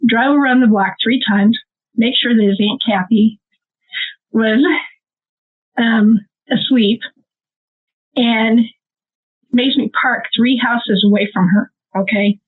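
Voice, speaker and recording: A middle-aged woman with a Midwestern American accent tells her story with animated, emotional energy, her voice sitting a little high for a woman. The sound comes through thin and tinny, like a phone line. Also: takes it slowly, pauses often, breathy edge. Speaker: nonprofit co-founder; guest. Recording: tinny phone-like call audio.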